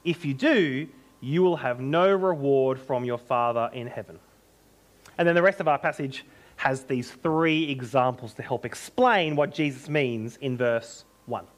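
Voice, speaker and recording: A man preaching a sermon as pastor, emphatic and animated, with joking asides. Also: medium pitch, a little slow.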